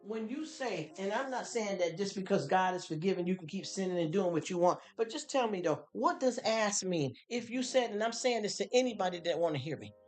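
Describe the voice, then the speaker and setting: A woman's voice: mid-range voice, expressive, fairly quick, few pauses, a little mellow, soft background music. A woman hosting a live stream, venting bluntly to her chat and mocking people with put-on voices. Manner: blunt, fired-up, mocking impressions.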